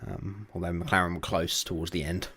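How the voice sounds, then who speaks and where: This is a man hosting a casual podcast with friends. His voice sits a little low. He talks in an easy, chatty way and keeps nudging the talk back on track. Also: fairly even intonation, moderate pace, bright, forceful tone, a little hiss or hum. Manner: chatty, steering the talk, laughs often. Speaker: podcast host. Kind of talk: casual chat.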